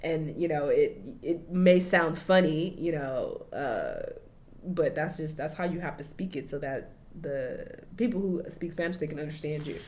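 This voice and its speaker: A woman's voice: deep voice, lively intonation, unhurried, a little mellow, slight background noise. A woman talking casually and animatedly as she reacts to a clip, with a loose, swear-dotted delivery. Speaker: reaction video host.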